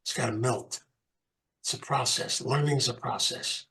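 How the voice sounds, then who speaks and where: An older man talks to a recovery group in a loose, conversational way. He circles back to the same phrases for emphasis. His voice sits at an ordinary middle pitch. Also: steady tone, unhurried, bright, forceful tone, low-quality recording. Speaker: recovery program speaker. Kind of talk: informal motivational talk to a group.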